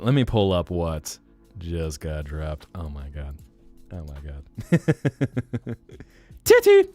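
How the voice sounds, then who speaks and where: A man's voice: low-pitched, warm tone. A man hosting a livestream in casual chat, playful and jumping between joke accents. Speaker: livestream host.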